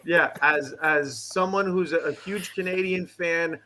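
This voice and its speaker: A man talking as a comedian guest in casual chat, animated and joking with emphatic repeats. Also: a little high, a little slow, slight background noise.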